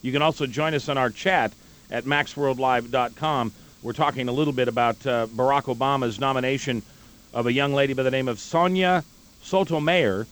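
Man, radio talk host, emphatic, mid-pitched voice. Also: fairly even intonation, a little fast, fairly bright tone, slight background noise. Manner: emphatic, rising in pitch when heated.

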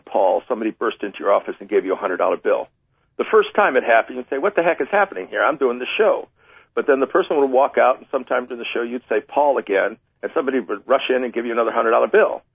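A man with a husky, slightly breathy voice explains dog training in a chatty, self-deprecating way, acting out small scenes as he goes. He comes through a tinny, dry phone line. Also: mid-range voice, dry recording. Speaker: dog trainer and author guest. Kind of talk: explaining with everyday examples.

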